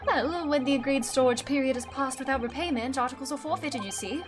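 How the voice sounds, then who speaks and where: A woman's voice: high-pitched, brisk, faint music behind, natural voice. A woman voicing a precise, stubborn older male pawnbroker in a video game, speaking formally. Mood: fussy. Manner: formal, clipped pronouncements.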